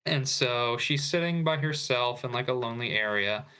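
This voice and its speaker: A man's voice: medium pitch, normal speed, sharp tone, clear, resonant tone. A man co-hosting a podcast in casual chat, retelling a script with fillers and asides. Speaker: podcast co-host.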